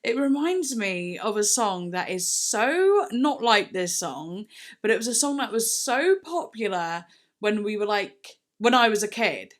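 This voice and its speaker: A woman hosting a music reaction video, chatting casually and getting excited as she listens. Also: medium pitch, a little slow. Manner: chatty, rambling, excitable with gasps and laughs. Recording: faint song playing behind.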